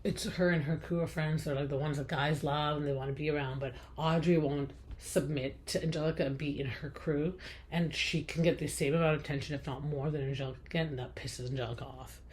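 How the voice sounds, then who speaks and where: A woman's voice: sits low, fairly even intonation, fairly quick, a little mellow. Chatty, blunt woman podcast host. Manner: chatty, filler-heavy, blunt and profane. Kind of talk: casual reality TV recap.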